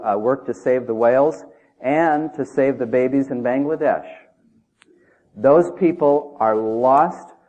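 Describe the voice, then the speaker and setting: A man preaches in a punchy, talky manner, tossing rhetorical questions at the congregation. His voice sits at an ordinary male pitch. The sound is thin and narrow, like a phone line. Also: dark tone. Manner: emphatic, conversational, with rhetorical questions. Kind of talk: sermon. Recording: tinny phone-like audio.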